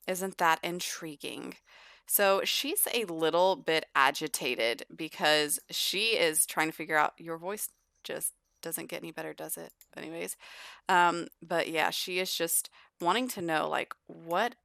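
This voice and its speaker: Bright, chatty woman narrating gameplay. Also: low-pitched, gravelly, no echo, studio quality. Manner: chatty, voicing characters' lines in quick asides. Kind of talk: casual let's-play narration.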